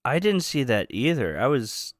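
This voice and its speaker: A man's voice: sing-song, normal speed, no echo, studio quality. A man co-hosting a podcast in casual chat, joking and laughing easily. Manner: joking, laughs easily, swings his pitch around. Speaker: podcast co-host.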